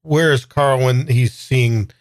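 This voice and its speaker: A man's voice: mid-range voice, slow, no echo. A man playing a tabletop game who describes his character hesitantly, thinking aloud with fillers. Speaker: player. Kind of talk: tabletop game role-play.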